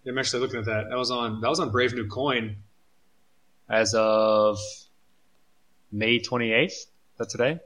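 A man's voice: medium pitch, fairly even intonation, normal speed, pauses often, a bit bright. A man co-hosting a podcast who talks casually, thinking aloud and often repeating his words. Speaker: podcast co-host. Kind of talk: casual chat.

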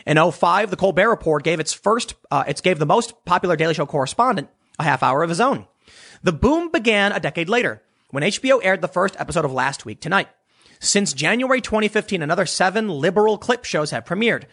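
A man with a high, very animated voice rants through a commentary monologue. He is sarcastic and mocking, swinging his pitch widely as he imitates the people he criticizes. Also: breathy edge. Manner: sarcastic, mocking impressions of others. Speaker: political commentator.

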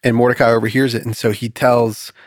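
Animated male podcast host, dry close mic. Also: mid-range voice, brisk, dry recording. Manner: animated storytelling, acts out characters. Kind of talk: casual Bible study chat.

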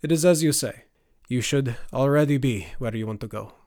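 A man voicing a wry male merchant guide with a measured, dry way of speaking. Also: medium pitch, darkish tone, natural voice. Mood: teasing.

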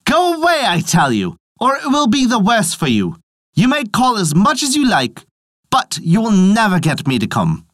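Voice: mid-range voice, lively intonation, a little fast, few pauses, dry recording, clean studio sound, natural voice. A storyteller putting on a raised, angry voice for a defiant husband who refuses a deathly call. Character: defiant husband shouting at an unseen caller.

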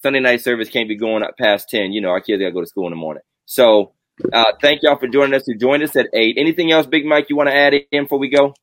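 A man's voice: mid-range voice, quick pace, fairly bright tone, dry recording. A man hosting a casual live stream, joking and drawing out his announcements. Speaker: host.

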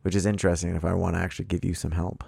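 A man co-hosting a podcast, running a movie quiz and teasing his friend with profane banter, reading clues out slowly. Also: deep voice, flat delivery, vocal fry, dark tone, husky, no room sound, studio quality. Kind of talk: casual banter.

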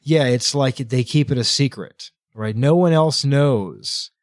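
A man's voice: mid-range voice, measured pace, dry recording, studio quality. Rambling man recapping a book. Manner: rambling recap full of "like" and "right?". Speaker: podcast co-host. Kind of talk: casual book-club chat.

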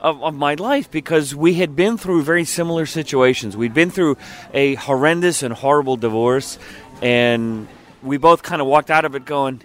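A man's voice: a little high, normal speed. A man co-hosting a podcast, telling a heartfelt personal story in an earnest, reflective way. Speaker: podcast co-host. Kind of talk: casual chat.

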